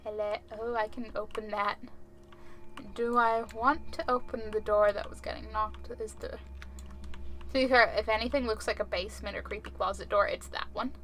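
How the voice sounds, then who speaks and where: A woman's voice: medium pitch, fairly even intonation, moderate pace, fairly bright tone. A woman streamer giving casual, jokey gameplay commentary, chatty, swearing freely and laughing often.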